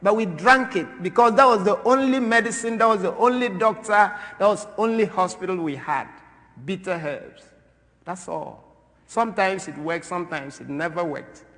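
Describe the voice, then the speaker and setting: A man from Ghana addresses a church gathering with a fairly high voice. His delivery is animated, rising to loud, emphatic bursts and dropping to quiet asides. The long reverb of a large church hangs on every phrase. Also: moderate pace. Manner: animated, swings from loud to soft. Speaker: speaker at a church. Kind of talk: impassioned talk.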